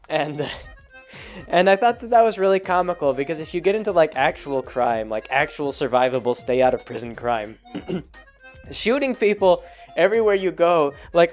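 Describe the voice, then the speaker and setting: A man hosting a vlog in loose, rambling casual chat, full of filler words and chuckles. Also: fairly high pitch. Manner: chuckles as he talks. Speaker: vlog host.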